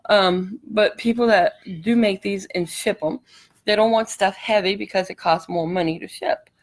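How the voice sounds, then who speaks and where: A woman's voice: medium pitch, steady tone, normal speed. Chatty woman hosting a craft livestream. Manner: chatty, apologetic, laughs easily. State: coughing, out of breath from allergies. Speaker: craft tutorial host. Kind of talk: casual livestream craft tutorial.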